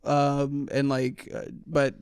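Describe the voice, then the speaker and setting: Slow-paced and mid-range, the young podcast co-host's voice is clear and resonant on a studio-quality track without room sound. He narrates a story in easygoing conversation, bringing quoted characters to life with animated impressions.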